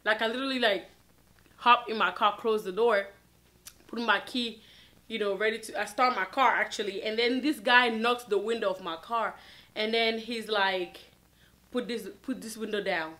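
A woman with a bright, forceful voice tells a story to her viewers in a storytime vlog. She talks casually and animatedly and keeps dropping filler words. It sounds like relaxed, everyday chat to camera. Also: on the high side, moderate pace. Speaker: vlogger.

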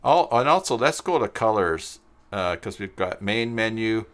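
A man with a fairly low voice hosts a live-stream tutorial, talking through each step as he works. He answers viewers in the chat as he goes. His speech is halting, with pauses and fillers between thoughts. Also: animated, fairly bright tone. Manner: thinks aloud while working, replies to chat viewers. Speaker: tutorial host. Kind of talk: live-stream screen-share web design tutorial.

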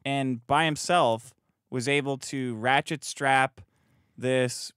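A man's voice: medium pitch, fairly even intonation, slow, fairly bright tone, smooth, dry recording, studio quality. A man co-hosting a casual podcast, blunt and teasing, with emphatic outbursts. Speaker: podcast co-host. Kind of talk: casual chat.

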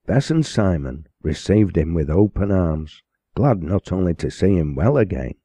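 A man reading a classic novel aloud in a steady, measured way. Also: deep voice, no echo. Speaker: audiobook narrator.

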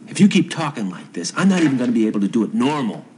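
An actor playing an exasperated, defensive husband in a 1970s TV soap. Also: male voice, medium pitch, sing-song, very fast, noisy background, close to an everyday voice. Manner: exasperated, protesting.

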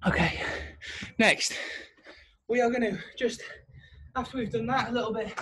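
A man's voice: high-pitched, a little slow, pauses often, low-quality recording. A man coaching a home hockey training session, upbeat and encouraging as he counts out reps, out of breath from the exercise. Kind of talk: home workout instruction. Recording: steady background noise.

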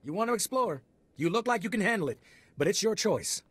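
A breezy bureaucratic official. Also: male voice, sits high, animated, a little fast, a bit bright, breathy edge, dry recording, heavily acted. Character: brisk male Republic official. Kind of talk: video game dialogue.

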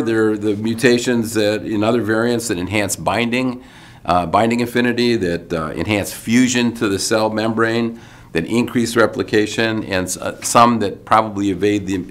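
An older man with a somewhat low voice talks through a weekly briefing in a relaxed, conversational way. He drops in wry asides, and his sentences often restart. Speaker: medical school leader giving a weekly video update. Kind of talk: informal spoken briefing.

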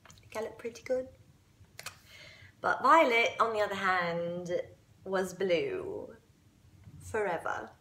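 A woman's voice: medium pitch, slow, pauses often, pushed and bright. A woman playing a spoiled, spiteful young woman who gloats over a rival, giggling, mocking and dropping into sly whispers. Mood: smug. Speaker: actor auditioning. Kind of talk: audition monologue.

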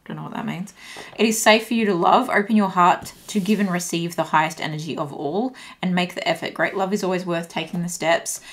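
A woman's voice: on the low side, steady tone, a little fast. A woman giving a casual tarot reading to camera who thinks aloud as she muses over the cards and often repeats phrases. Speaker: tarot reader.

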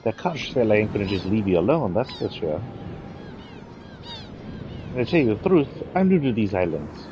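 A man's voice: on the low side, sing-song, moderate pace, long pauses, muffled recording, a little hiss or hum. A man doing Kid, a cocky young thief. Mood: friendly. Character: brash young woman thief with Aussie slang.

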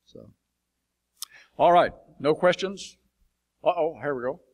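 A missionary preacher addresses a church congregation in the sanctuary, speaking slowly in a fairly high voice. He tells plain-spoken stories bluntly and folksily, with frequent fillers.

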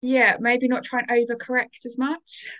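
A woman speaks as a guest on a podcast in a casual, lively way. She quickly acts out the conversations she has with herself. Her voice sits a little high. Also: muffled recording. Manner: quick and animated, acts out her inner dialogue.

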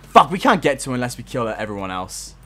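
A man's voice: medium pitch, very animated, fast talker, a bit bright. A young man talks through a game he keeps failing at, cursing and joking at his own expense. His voice rises and falls a lot. Faint noise sits underneath. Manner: frustrated, swearing, laughing at himself. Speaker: gameplay commentator. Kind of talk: casual gameplay commentary.

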